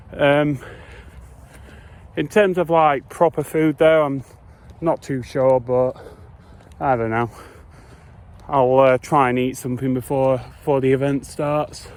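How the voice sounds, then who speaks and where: A man's voice: mid-range voice, darkish tone. Rambling man vlogging outdoors. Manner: hesitant, rambling with many fillers. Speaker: travel vlogger. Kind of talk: casual vlog chat. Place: outdoors on city streets. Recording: faint street noise outdoors. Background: faint traffic and street ambience.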